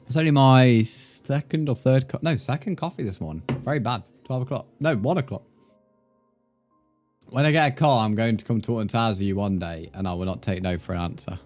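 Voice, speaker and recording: A man's voice: medium pitch, a little fast, a little mellow. A young English man streaming a game, chatting casually and joking with his viewers, with faint music behind him. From England. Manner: chatty, joking, swears freely, reads chat aloud. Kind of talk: casual live-stream chat while gaming.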